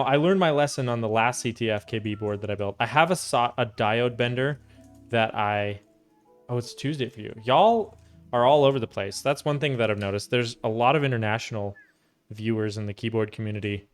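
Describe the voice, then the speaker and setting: A young American man chatting casually with his stream chat while he builds a keyboard. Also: medium pitch. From United States. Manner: relaxed, chatty, reads and answers chat.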